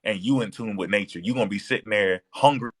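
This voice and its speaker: Low voiced guy bragging on a podcast. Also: fast. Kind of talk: casual chat.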